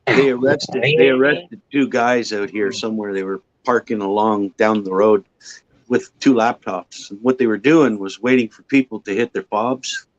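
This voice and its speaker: A man's voice: on the low side, fairly even intonation, normal speed, muffled recording. A man telling joking anecdotes in a casual group chat, often repeating words as he starts. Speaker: chat participant.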